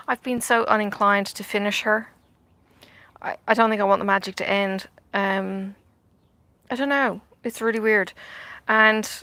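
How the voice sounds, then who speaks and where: A middle-aged woman talks to her camera while she stitches, outdoors in bright sunshine. Her voice is bright and gravelly, with some fry. She rambles with lots of ums and half-whispered asides. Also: mid-range voice, no room sound. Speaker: vlogger. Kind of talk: casual chat while stitching.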